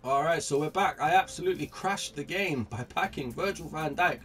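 A man commentating his own video game pack openings, chatty and excitable, greeting each new card like a friend. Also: a little high, moderate pace, distant mic, faint music behind. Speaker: gaming YouTuber.

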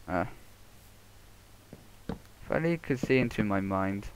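Guy mumbling and cursing over his game, kinda lowish voice that jumps around a lot, muffled headset mic with faint hiss. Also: expressive. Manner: mumbling to himself, swearing, quick outbursts. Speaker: Let's Play gamer. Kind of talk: casual gameplay commentary. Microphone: headset microphone.

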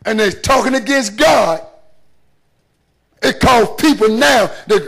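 Middle-aged preacher, high gravelly voice, rhythmic sermon delivery with hushed and rising passages. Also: male voice, slow pace. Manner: preaching with call-and-response rhythm, shifting between hushed and rising. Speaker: pastor. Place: church sanctuary.

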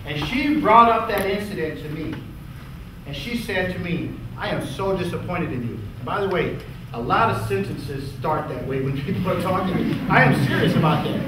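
High, bright-voiced man in an echoey hall. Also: recorded from a distance, noisy background. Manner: animated storyteller, acts out quoted dialogue. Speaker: speaker. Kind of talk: storytelling talk.

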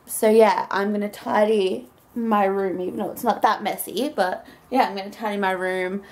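A woman's voice: medium pitch, fairly even intonation, normal speed, darkish tone. A young woman chatting casually through her daily vlog, rambling along with lots of "so yeah" and "um". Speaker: vlogger.

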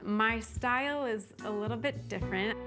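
A woman's voice: fairly high pitch, moderate pace, loud music behind the voice. A woman homeowner speaking earnestly and reflectively in an interview, sometimes repeating words as she thinks. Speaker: homeowner and designer. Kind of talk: interview talk.

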